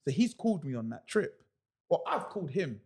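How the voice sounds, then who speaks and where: A man with a British accent, co-hosting a podcast and telling a personal story in casual chat, animated and full of street slang. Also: fairly high pitch, fairly quick, gravelly, husky. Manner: animated, acting out other people's lines; street slang, filler sounds like "rah, rah". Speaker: podcast co-host.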